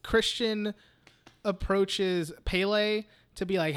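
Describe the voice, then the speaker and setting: A man's voice: high voice, expressive, moderate pace, a bit bright. A man co-hosting a casual podcast, retelling movie scenes in a rambling, profane way and slipping into mock quotes. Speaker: podcast co-host.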